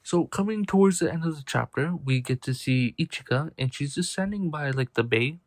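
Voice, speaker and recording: Gravelly man casually recapping a chapter. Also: fairly high pitch, animated, moderate pace, no room sound. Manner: loose and chatty, full of "like" and "um". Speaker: manga reviewer.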